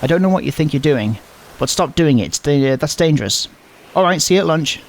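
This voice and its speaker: A man's voice: fairly high pitch, animated, fairly quick, slight background noise. Man hamming up a visual novel reading. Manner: playful, exaggerated line delivery. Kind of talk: comedic dramatic reading.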